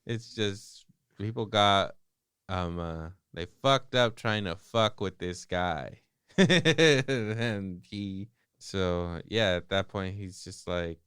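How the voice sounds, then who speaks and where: A man with a low, smooth, resonant voice, talking loosely and profanely as a podcast co-host. He retells a story in casual chat, laughs often, and slips into acted-out quotes. The sound is close and dry. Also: takes it slowly, fairly bright tone, dry recording.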